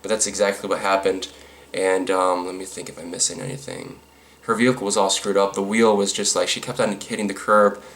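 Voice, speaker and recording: A man's voice: deep voice, level tone, fairly quick, a bit bright. A man telling a storytime vlog, rambling with lots of fillers and restarts, with a sarcastic edge. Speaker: vlogger.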